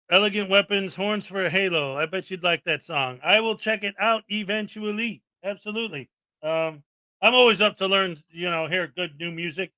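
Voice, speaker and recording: A man's voice: sits high, bright, forceful tone, no room sound. A man hosting a live stream, ranting and joking about video clips with plenty of crude insults. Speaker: streamer host. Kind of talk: casual live-stream commentary.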